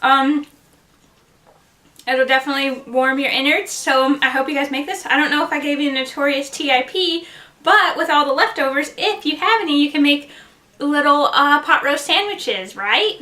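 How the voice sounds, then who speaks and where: A woman's voice: high-pitched, moderate pace, bright, forceful tone. A woman hosting a home cooking show, chatting and joking through a recipe and laughing at her own puns, recorded in a home kitchen. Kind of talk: casual cooking demonstration.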